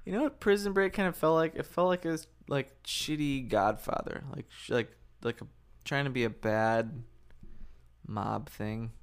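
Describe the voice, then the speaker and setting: A young man co-hosts a casual podcast chat with a smooth, resonant voice. He is chatty and quick to joke. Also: medium pitch. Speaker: podcast co-host.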